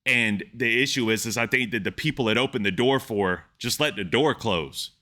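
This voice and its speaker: A man hosting a music reaction channel, excitedly repeating lines and breaking them down in casual commentary. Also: mid-range voice, moderate pace.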